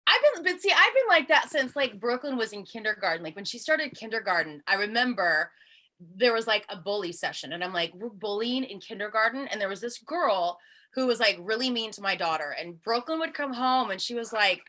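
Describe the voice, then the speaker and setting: A woman radio host chatting on a video call, telling animated stories and laughing often. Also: medium pitch, brisk. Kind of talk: casual video call chat.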